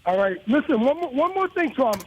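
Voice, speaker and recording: A male caller with a Boston accent, talking in an excited, rambling way. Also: very high voice, brisk, highs cut off, a little hiss or hum.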